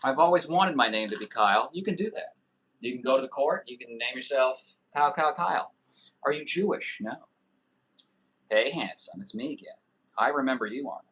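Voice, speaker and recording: A man in his thirties hosts a casual livestream, reading viewer comments aloud in a medium-pitched, slightly bright voice with lively intonation. He's loose and joking, swearing often and tossing in quick asides.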